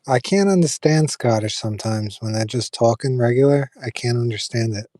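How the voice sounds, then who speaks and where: A man's voice: mid-range voice, fairly quick, mellow, no room sound. A man chatting casually with viewers on a live stream, rambling with fillers and restarts.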